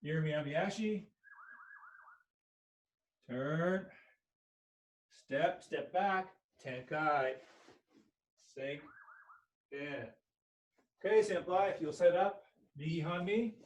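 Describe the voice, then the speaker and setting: A man's voice: a little high, slow pace, long pauses, darkish tone, muffled recording. Man calling short cues in an echoey room. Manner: calls out short technique cues while demonstrating. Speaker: aikido instructor. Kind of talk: live online class instruction. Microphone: laptop or camera mic at a distance. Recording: echoey room, distant mic.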